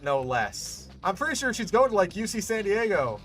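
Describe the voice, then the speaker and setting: A man's voice: sits high, sing-song, moderate pace, few pauses, fairly bright tone, faint music behind. A man doing casual, ranting commentary as a gaming YouTuber while he builds a park, sarcastic and profane.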